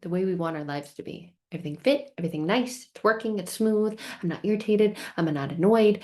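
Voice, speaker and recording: Medium in pitch and darkish in tone, this self-help vlog host talks a little fast with few pauses and plenty of expression. Her story features quoted outbursts acting out her frustration, plus phrases repeated in rhythmic lists.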